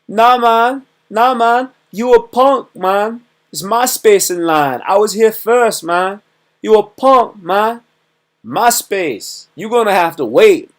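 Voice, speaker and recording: A man's voice: fairly high pitch, fairly even intonation, normal speed, fairly bright tone. A man voicing a brash, rude stranger who cuts in line, speaking with a taunting, slangy swagger.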